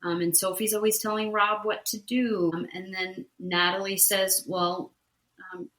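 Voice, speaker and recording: A woman's voice: medium pitch, flat delivery, measured pace, a bit bright, roomy sound, poor audio. A woman co-hosting a casual podcast, retelling a reality show episode step by step with frequent "um"s and "right?". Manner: recaps events step by step with many "um"s and "right?". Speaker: podcast co-host.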